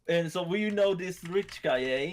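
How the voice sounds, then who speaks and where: A man playing a tabletop game, animated, laughing and swearing casually. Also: high-pitched, measured pace. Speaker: player.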